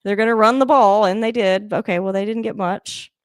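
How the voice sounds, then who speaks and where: A woman talking through a football game live from her home, rambling and chatty in a middle-pitched voice. She laughs often and jumps into sudden excited outbursts at the plays. The sound is dry and close. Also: a little fast, no room sound. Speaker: livestream host reacting to a football game. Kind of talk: casual live game reaction. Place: home room, moving around the camera.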